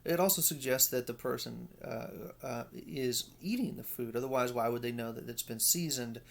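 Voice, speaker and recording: A man's voice: mid-range voice, normal speed, gravelly. A male lecturer explaining poetic forms step by step, with frequent fillers and restarts. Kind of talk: recorded lecture.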